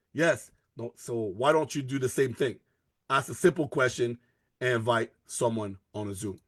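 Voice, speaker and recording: A man giving a live online sales presentation for a network marketing business, pushing hard and repeating his key lines. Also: no room sound. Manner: energetic, pushy sales pitch with repeated phrases. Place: at a computer, sharing his screen in a live video call.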